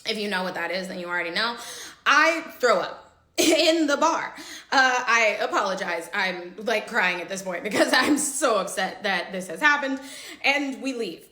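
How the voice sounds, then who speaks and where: A young woman with a high, bright voice tells a juicy story about a friend while she gets ready. She talks casually and dramatically and acts out everyone's lines. The recording has a roomy, echoey feel. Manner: animated, dramatic retelling with quoted dialogue.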